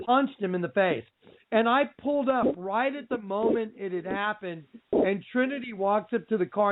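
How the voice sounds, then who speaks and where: A middle-aged man hosting a religious radio show, telling a story in an animated way, often breaking into shouts and laughs. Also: high-pitched. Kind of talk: excited religious radio talk. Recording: tinny phone-like line with faint noise.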